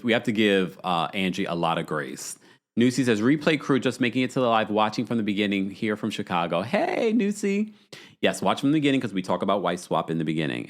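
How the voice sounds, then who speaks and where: A man hosts a live reality TV recap stream, talking straight to his viewers. His voice sits low but swings high when he gets excited, and he keeps reading chat comments aloud between bursts of laughter. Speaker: podcast host.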